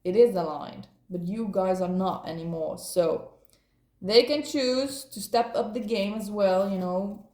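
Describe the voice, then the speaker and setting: A woman's voice: mid-range voice, unhurried, darkish tone, roomy sound. A woman doing a casual, playful tarot card reading, rambling and laughing often.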